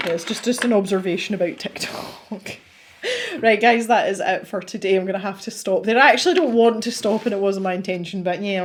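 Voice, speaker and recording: A woman's voice: medium pitch, slight background noise. A Scottish woman hosting a colouring channel, chatting casually and rambling with lots of fillers as she works. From Scotland. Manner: chatty and rambling, frequent fillers and self-talk. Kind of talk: casual chat while colouring.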